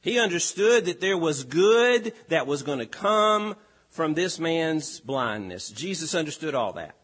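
A male pastor delivering a sermon, slow and emphatic with deliberate pauses. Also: a little high, sing-song, a bit bright, long reverb tail.

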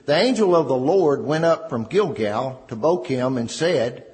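Slow, animated male preacher in a reverberant hall. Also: mid-range voice. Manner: slow, emphatic preaching with dramatic pauses. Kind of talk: sermon.

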